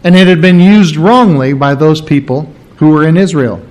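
A man preaching a sermon, teaching in a halting way and clearing his throat often. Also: a little high, a little mellow. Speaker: pastor.

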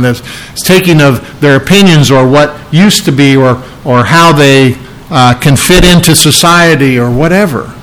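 A man's voice: mid-range voice, fairly bright tone, slight background noise, poor audio. A man preaching an expository sermon, explaining scripture verse by verse in an emphatic way. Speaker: pastor.

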